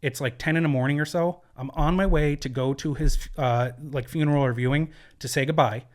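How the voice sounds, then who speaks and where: Fast-talking man, earnest podcast guest. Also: a little high, steady tone. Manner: earnest, speaks in quick bursts with many fillers and restarts. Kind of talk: candid conversational storytelling. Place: podcast studio.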